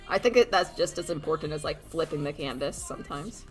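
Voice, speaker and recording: A woman's voice: low voice, lively intonation, a little fast, few pauses. A young woman chatting casually while she draws on stream, rambling and giggly, poking fun at herself. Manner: rambling, giggly, self-mocking, acts out quoted voices. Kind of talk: casual chat while drawing. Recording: faint background music.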